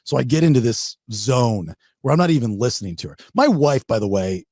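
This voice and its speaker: A man's voice: mid-range voice, brisk, dry recording, clean studio sound. A man hosting a podcast, telling a funny story in a casual, rambling way. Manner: rambling, animated, acts out his wife in quotes. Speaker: podcast host.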